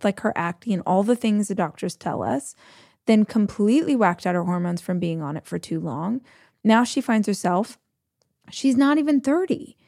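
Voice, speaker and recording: A woman's voice: mid-range voice, a little mellow, dry recording, studio quality. A woman hosting an advice podcast, telling personal stories in a chatty, casual way and acting out the voices of people she quotes. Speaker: podcast host giving advice.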